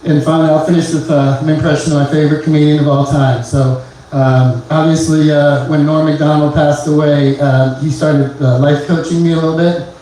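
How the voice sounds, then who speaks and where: A male stand-up comedian with a slightly high voice works through his set in halting bursts, stumbling over "uh" and restarting lines. He is caught from a distance on a small club stage, and the room echoes heavily around him, with faint noise behind. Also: flat delivery, warm tone. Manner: halting, many "uh" fillers and restarts.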